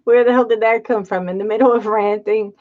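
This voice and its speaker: A woman's voice: a little high, steady tone, a little fast, phone-quality sound. A woman hosting a commentary video, reacting with sarcastic disbelief to a played clip. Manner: sarcastic, incredulous. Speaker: commentary channel host. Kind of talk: mocking commentary.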